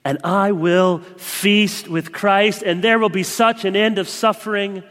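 A man in his thirties preaching a sermon, swinging between loud proclaiming and quiet, confiding asides. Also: sits high, fairly even intonation, unhurried, big-room sound. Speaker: pastor.

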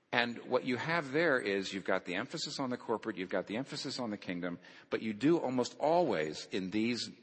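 Male preacher, lowish voice, emphatic and repetitive, sermon taped with long hall reverb. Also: fairly bright tone. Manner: emphatic, repeats key phrases for stress. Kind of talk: lecture-style sermon.

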